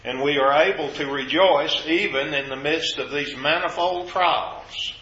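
Bright-voiced preacher in echoey hall. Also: male voice, unhurried, muffled recording. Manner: earnest, explanatory, rises in pitch when quoting scripture. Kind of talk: sermon.

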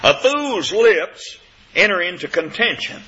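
A preacher delivers a sermon with lively, swooping pitch and a bright, forceful tone. He leans hard on key words and reads the old scripture in measured cadence. The recording is dull and lo-fi. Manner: emphatic, rising to forceful stresses on key words. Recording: dull lo-fi sound.

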